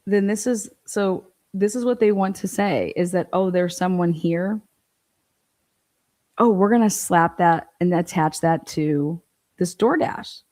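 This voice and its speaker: A woman's voice: medium pitch, unhurried, darkish tone. A woman giving blunt, profane, incredulous commentary on a true crime livestream.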